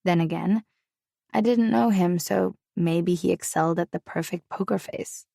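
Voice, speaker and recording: Gravelly woman narrating a romance. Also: fairly low pitch, normal speed, warm tone, no echo, studio quality. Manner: intimate, confessional storytelling. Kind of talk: first-person romance audiobook narration.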